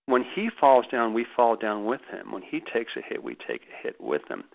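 A man's voice: medium pitch, wildly swooping pitch, normal speed, gravelly. A man guest on a radio interview, telling stories animatedly and emphatically, often repeating his words. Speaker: guest author. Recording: phone-like radio line.

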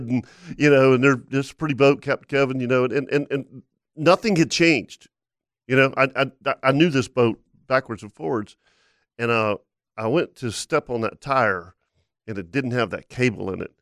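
A man's voice: mid-range voice, no room sound, studio quality. A man hosting a fishing show, telling a rambling story with many restarts in casual chat. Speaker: fishing show host, captain.

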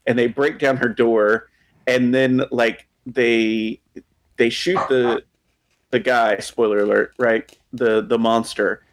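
A man casually chatting on a podcast, animated and mocking scenes with quick put-on quotes. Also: mid-range voice, a little hiss or hum. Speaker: podcast co-host. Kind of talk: casual chat.

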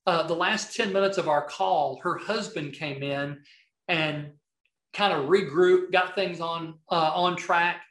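A man's voice: fairly high pitch, measured pace, echoey room. A middle-aged man with a Southern accent, a guest telling rambling stories in a casual interview, full of restarts. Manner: rambling, many restarts, animated anecdotes. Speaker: podcast guest, video marketing coach.

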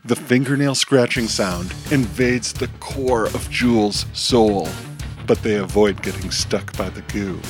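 A man giving scripted audio drama narration in a brisk, plain manner. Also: fairly low pitch, music in the background.

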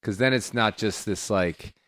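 A man hosting a podcast in casual chat, talking loosely with many fillers and quick laughs. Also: fairly low pitch, fairly bright tone, no room sound, studio quality. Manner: chatty, laughing, quotes people in put-on voices. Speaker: podcast host.

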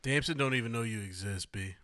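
A man co-hosting a casual podcast chat, animated and quick to laugh. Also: mid-range voice. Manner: animated, laughing, swearing freely. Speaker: podcast co-host.

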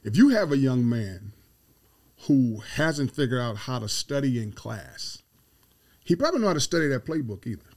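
Middle-aged coach guy telling stories, emphatic, keeps repeating his points, mid-pitched voice. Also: sing-song, normal speed, darkish tone. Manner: emphatic, repeats key phrases. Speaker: football head coach, guest. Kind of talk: storytelling interview.

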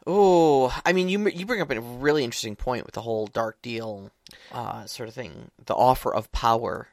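A man's voice: medium pitch, normal speed, dry recording, clean studio sound. A man co-hosting a chat about role-playing games, speaking loosely and emphatically, with many restarts. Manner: rambling, restarts often, emphatic. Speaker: podcast co-host, larp player. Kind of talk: casual podcast chat.

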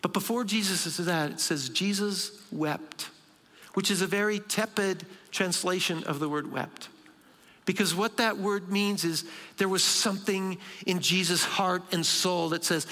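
A man preaching a sermon in a church, moving between soft, slow lines and emphatic bursts. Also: high-pitched. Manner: dramatic pauses, shifting between soft and emphatic. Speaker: pastor. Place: large church sanctuary. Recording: long hall reverb.

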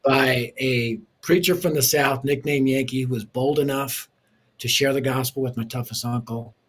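A man in an interview, telling his life story in an animated, storytelling way. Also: mid-range voice, normal speed. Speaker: ministry leader and author.

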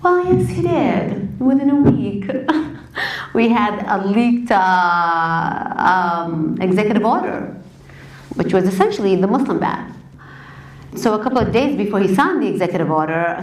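Impassioned woman activist in a roomy hall. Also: mid-range voice. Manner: impassioned, conversational, emotional. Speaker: community activist and organizer. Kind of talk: personal storytelling talk to an audience. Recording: roomy, distant from the mic.

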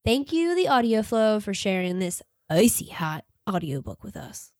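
A woman's voice: mid-range voice, sing-song, normal speed, a little mellow, no room sound. A woman co-hosting a podcast in casual chat, giggling often and fighting a cold. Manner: giggly, laughs often between lines. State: has a cold. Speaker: podcast co-host. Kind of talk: casual chat about audiobooks.

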